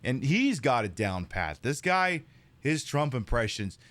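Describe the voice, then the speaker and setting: A man's voice: mid-range voice, big pitch swings, measured pace, fairly bright tone. A man live-streaming a horror game, rambling, jokey and profane as he chats. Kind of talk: casual live-stream commentary.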